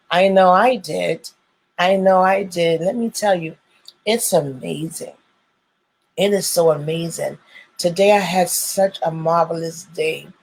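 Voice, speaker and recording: A woman's voice: on the low side, slightly rough, rough recording. A woman hosting her own live stream, greeting viewers over and over in churchy, welcoming phrases. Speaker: host of a live stream show.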